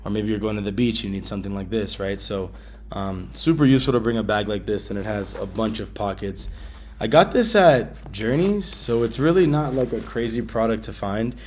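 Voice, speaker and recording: A man's voice: fairly low pitch, normal speed, slight background noise. Laid-back slangy man showing gear. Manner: laid-back, slangy, many ums, bursts of excitement. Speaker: travel vlogger. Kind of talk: casual gear demonstration.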